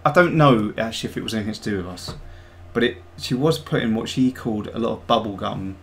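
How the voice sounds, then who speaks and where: A man's voice: on the low side, quick pace. A middle-aged man chatting casually on a live stream, thinking aloud as he sculpts a 3D model. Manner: easygoing, thinking aloud while working.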